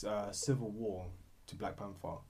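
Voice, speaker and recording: A man in casual podcast banter, rambling and animated. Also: lowish voice, moderate pace, breathy edge. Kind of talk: casual chat.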